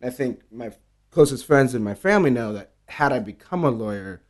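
A man's voice: mid-range voice, a little fast. A man talking casually in an interview, telling bar stories with lots of swearing and acting out quoted dialogue. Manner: animated storyteller, acts out quoted dialogue, swears freely. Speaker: bartender guest.

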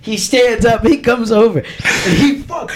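A man with a very high-pitched voice hosts a podcast, casually telling stories at an unhurried pace. He swears a lot and laughs often as he talks, with music playing in the background.

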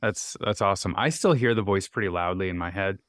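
A man co-hosting a podcast, a parent, speaking earnestly and encouragingly about quieting his inner critic. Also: low-pitched, fairly quick, no room sound, studio quality. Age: adult parent. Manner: earnest, encouraging, talks himself through things. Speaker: podcast co-host. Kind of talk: casual conversational chat.

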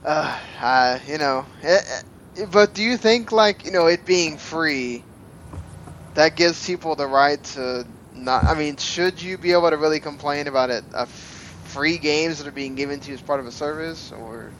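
A man co-hosting a casual gaming podcast, talking in a fairly high voice. He rambles with lots of fillers and restarts, and a faint low rumble runs behind him. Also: normal speed, fairly bright tone, rough recording. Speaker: podcast co-host.

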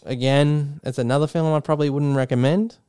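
An Australian man co-hosting a casual podcast, his voice smooth and clear. He rambles, restarts his sentences and swears freely. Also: on the high side, fairly even intonation, brisk, warm tone. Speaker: podcast co-host. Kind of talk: casual chat.

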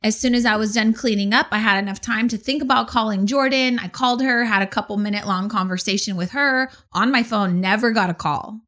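A woman co-hosting a casual chat, retelling a story in an animated, emphatic way with blunt swearing. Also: fairly high pitch, fairly quick, hardly any pauses. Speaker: podcast co-host.

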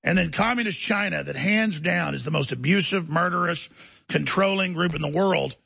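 A man's voice: high voice, moderate pace, gravelly, sharp tone, husky, no room sound. A man hosting a talk show, delivering a heated, emphatic ranting monologue.

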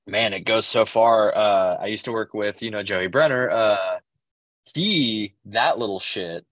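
A podcast co-host with a voice on the low side, a bit bright, tells rambling stories at a slightly slow pace with no echo. The chat is casual, full of fillers and swearing.

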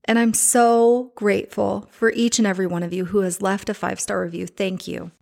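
An earnest woman talks through her solo podcast without a script, sincere and openly emotional. Her pitch leaps up high on key words. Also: little pitch movement, brisk, creaky, a little mellow. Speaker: podcast host. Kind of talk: unscripted solo podcast talk.

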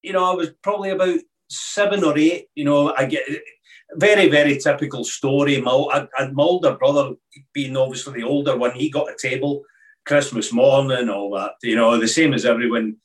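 A middle-aged Scottish man, a podcast guest, recalling his past in a relaxed, halting way with many restarts. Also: mid-range voice, far from the mic. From Scotland. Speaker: guest, former snooker player. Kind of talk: casual interview chat.

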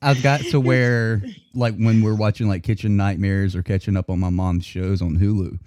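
A man's voice: fairly low pitch, steady tone, normal speed, a little mellow, no echo, studio quality. A man co-hosting a podcast in profane, joking casual chat, laughing often. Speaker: podcast co-host.

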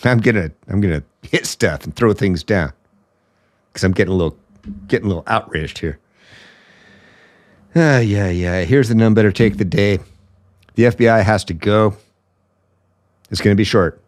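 A male podcast host talks in a fairly low voice. He rants bluntly and sarcastically through his political commentary, sounding openly indignant. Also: moderate pace, pauses often, no echo.

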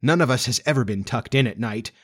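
A man's voice: medium pitch, fast, natural voice. A man doing a sly coaxing boy.

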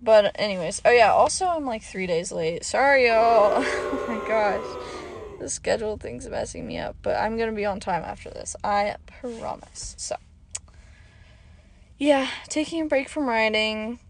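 Young woman, podcast host, slightly hoarse, rambling, casual, lots of fillers. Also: fairly high pitch, moderate pace, background noise. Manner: rambling, chatty, full of fillers. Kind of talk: casual solo podcast chat.

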